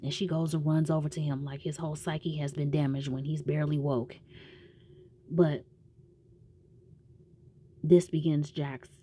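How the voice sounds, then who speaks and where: A woman's voice: sits low, flat delivery, unhurried, long pauses, warm tone, slight background noise. A woman casually recapping a TV show in a slangy, rambling way, with some profanity.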